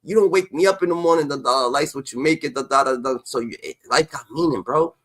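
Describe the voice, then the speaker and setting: A man's voice: on the high side, quick pace, fairly bright tone. A man delivering a heated, profane rant as commentary, repeating a filler tag between phrases.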